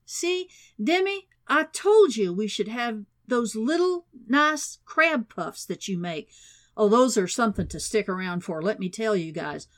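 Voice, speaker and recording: A woman reading an audiobook, voicing a jovial, excitable male president who rambles loudly and gushes. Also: high voice, a little slow, voice pushed up. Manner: gushing, rambling, loud.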